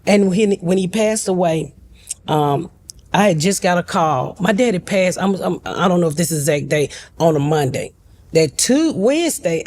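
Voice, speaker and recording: A woman's voice: fairly low pitch, darkish tone. A middle-aged woman, a talk-show guest telling a family story bluntly and animatedly, with comic asides.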